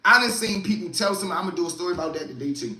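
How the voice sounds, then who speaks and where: A man's voice: sits high, animated, rapid-fire, sharp tone, echoey room. A man hosting a casual livestream, talking street life in a streetwise storytelling way and greeting viewers by name. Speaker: livestream host.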